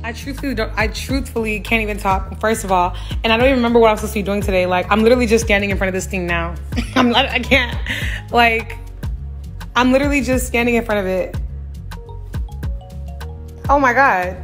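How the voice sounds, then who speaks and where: Excitable young woman vlogging, faint music. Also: a little high, brisk, long pauses. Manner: excitable, gushing, laughs often. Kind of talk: casual vlog chat to camera.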